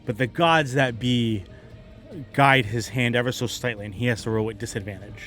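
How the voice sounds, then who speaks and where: A man narrates a tabletop battle as game master, lively and quick to add sound effects. His voice sits at a middle pitch, with faint music in the background.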